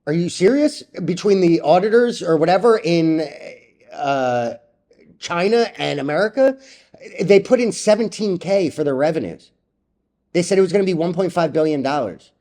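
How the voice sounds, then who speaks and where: A man's voice: high voice, lively intonation, normal speed, darkish tone. Blunt, profane stock-trading vlogger man. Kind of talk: casual ranting commentary.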